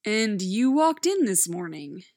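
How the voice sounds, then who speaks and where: A woman's voice: mid-range voice, very animated, a little slow, a little mellow, dry recording, studio quality. A woman reading fan fiction aloud, voicing a goofy, childish young man detective with whiny, defensive banter. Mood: smug.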